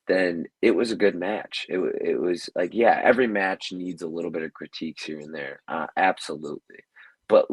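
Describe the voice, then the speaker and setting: A man's voice: low-pitched, slightly rough, no room sound, rough recording. A man, a professional wrestler, talking casually as a podcast guest, rambling with lots of fillers and restarts. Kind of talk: casual interview talk.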